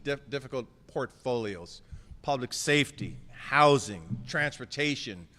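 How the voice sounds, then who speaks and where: A man's voice: medium pitch, lively intonation, measured pace, sharp tone. A man, an outgoing mayor, giving a joking, affectionate and slightly emotional farewell speech at an indoor press conference, thanking people by name. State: a little emotional. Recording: echoey hall with crowd murmur.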